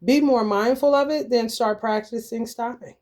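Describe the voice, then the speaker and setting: A woman's voice: a little high, moderate pace, darkish tone. A woman tarot reader giving casual advice in a blunt, rambling, profane way, calling her listeners honey.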